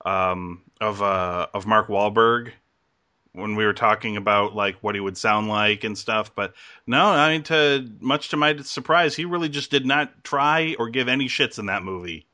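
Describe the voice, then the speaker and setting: Bright-voiced man rambling with laughs. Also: lowish voice, moderate pace. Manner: rambling, laughs often, many restarts. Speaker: podcast host. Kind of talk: casual chat.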